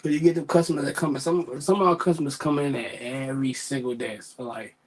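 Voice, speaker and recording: A man's voice: mid-range voice, fairly even intonation, quick pace, hardly any pauses, husky, low-quality recording. A man telling work stories in a casual, profane, exasperated rant, repeating himself.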